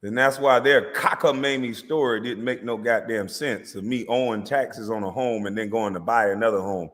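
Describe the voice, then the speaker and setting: A man's voice: mid-range voice, normal speed, fairly bright tone. A man ranting boastfully and brashly in a casual vlog, speaking straight to viewers. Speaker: vlogger. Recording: long reverb.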